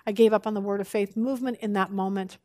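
A woman teaching a women's Bible study, animated and expressive, telling jokes as she speaks. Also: medium pitch, fast talker, no echo.

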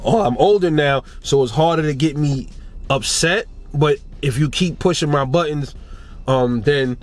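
A young man talks straight to the camera in a loose, profane storytelling rant. His voice sits fairly high and climbs further when he gets worked up. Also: measured pace. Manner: animated, swearing, rising pitch when riled up. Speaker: boxing commentator.

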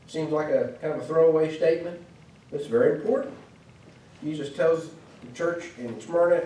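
A man's voice: on the high side, moderate pace, darkish tone. A man preaching a sermon in a church, earnest and explanatory, with fillers and restarts. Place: church hall. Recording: echoey church hall, mic from far off.

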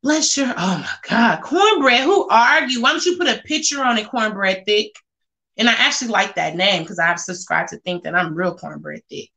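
A woman's voice: mid-range voice, moderate pace, creaky, bright, forceful tone. A woman chatting casually on a live stream, reading comments aloud and reacting with sass. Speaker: vlogger reading live chat.

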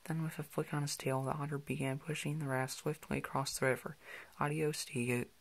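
A man's voice: a little high, little pitch movement, fast, vocal fry. A man reading a children's picture book aloud, in plain narration with small slips and restarts. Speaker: reader.

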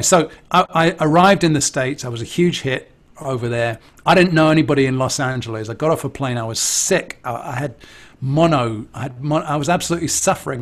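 An English man, a musician, telling a casual anecdote in an animated, chatty way with amused asides. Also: medium pitch. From England. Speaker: interviewee, musician.

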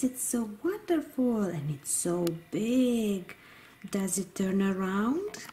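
A woman narrating pretend play with toys, talking gently and sing-song, as if to a small child. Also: mid-range voice, big pitch swings, takes it slowly, slight background noise.

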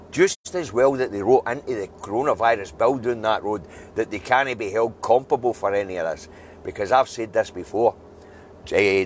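A man's voice: lowish voice, a little hiss or hum. Angry Scottish man ranting. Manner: blunt, angry, swears a lot, rising to emphatic outbursts. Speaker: political video commentator. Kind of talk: ranting news review.

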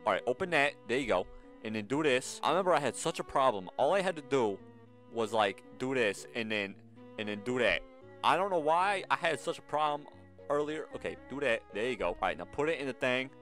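A man talks through a cooking game in casual commentary, his pitch swinging up and down in a lively way. He jokes and banters with the on-screen customers. Soft music plays underneath. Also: brisk. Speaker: gaming channel host.

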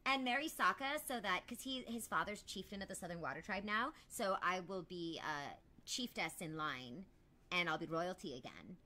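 Smug bragging princess voiced by a woman, low-ish but bright and bouncy, gaming banter. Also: expressive, normal speed. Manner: smug, teasing, self-satisfied. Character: scheming haughty young princess, boastful. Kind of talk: in-character let's-play banter.

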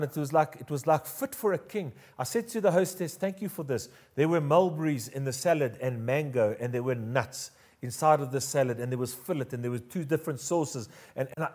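Preaching a sermon as pastor, a South African-accented man is animated and jokey, leading his congregation in call-and-response. His pitch sits fairly high.

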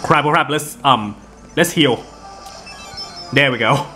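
A man's voice: mid-range voice, slow pace, bright, forceful tone. A man giving casual, rambling commentary over gameplay, full of fillers and restarts, with game music behind him. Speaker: gaming video host.

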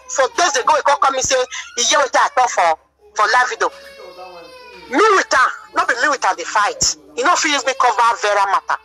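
A Nigerian woman tells her side of a marriage dispute in a rambling, defensive way and repeats her points. Her voice is bright and sharp and sits a little high. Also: lively intonation, fast talker, faint music behind, low-quality recording. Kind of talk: emotional personal account.

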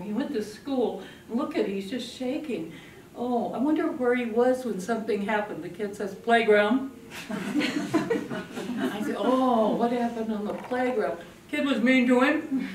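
A woman giving a parenting workshop to a live audience, animated and acting out scenes with a puppet. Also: medium pitch, slight background noise. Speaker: parenting speaker. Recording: echoey room from a distant mic.

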